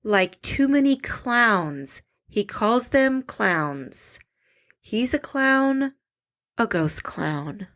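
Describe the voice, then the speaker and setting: Lively, teasing woman podcast co-host. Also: on the high side, extremely slow. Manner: teasing, reads out reviews and facts. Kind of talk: casual comedic chat.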